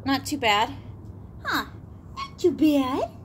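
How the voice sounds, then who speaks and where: A woman's voice: high-pitched, big pitch swings, slow, a little hiss or hum. A woman animal rescuer giving a casual vlog update outdoors, out of breath and cooing in baby talk to a dog.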